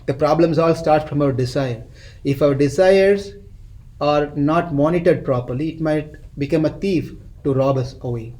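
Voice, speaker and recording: A man teaching a scripture class, chanting verses slowly and then explaining them as a story. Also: fairly high pitch, darkish tone.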